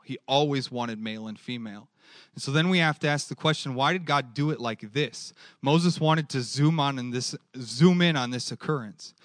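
A male preacher giving a lively sermon and keeping the audience engaged with questions. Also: fairly high pitch, no room sound, studio quality. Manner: animated, asks the audience questions.

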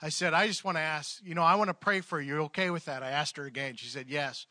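Bright-voiced male pastor preaching. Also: on the high side, dry recording. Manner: conversational, halting storytelling with many fillers. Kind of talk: sermon with storytelling and closing prayer. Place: church service.

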